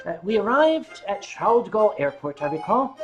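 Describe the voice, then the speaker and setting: An American man hosting a livestream and telling a rambling, self-mocking story, with now and then a cleared throat. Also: high-pitched, big pitch swings, fairly quick, over music, low-quality recording. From United States. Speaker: host.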